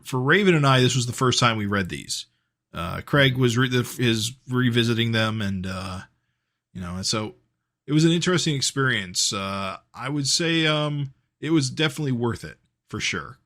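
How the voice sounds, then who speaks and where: A man co-hosting a comics podcast, talking casually and haltingly. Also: medium pitch, a bit bright. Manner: halting, many fillers and restarts. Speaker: podcast co-host.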